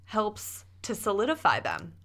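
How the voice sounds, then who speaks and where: A woman's voice: medium pitch, huge pitch swings, a little slow, fairly bright tone. A woman co-hosting a casual podcast, talking conversationally with frequent fillers. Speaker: podcast co-host. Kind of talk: casual chat.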